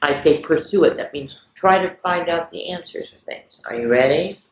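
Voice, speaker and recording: A woman hosting a children's story time, reading picture books and jokes aloud in an animated, sing-song storyteller voice. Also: deep voice, moderate pace, a little hiss or hum. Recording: roomy echo.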